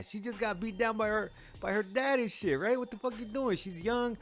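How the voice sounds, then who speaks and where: Man reacting to a movie, casual, profane slang, laughing often, slightly high voice. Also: moderate pace, fairly bright tone. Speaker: movie reviewer.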